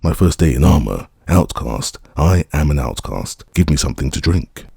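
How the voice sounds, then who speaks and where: A man's voice: a bass voice, sing-song, normal speed, gravelly, mellow, slightly rough, no echo, clean studio sound, heavily acted. A man voicing a boastful young male rogue in armor in an audiobook, with rowdy, swaggering declamation.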